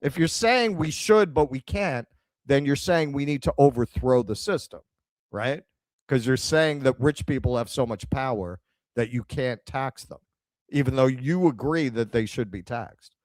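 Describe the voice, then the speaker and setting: Speaking unhurriedly at medium pitch, a middle-aged New Yorker co-hosting a podcast recounts a story during a casual chat, acting out the quoted dialogue with animation. The recording is dry.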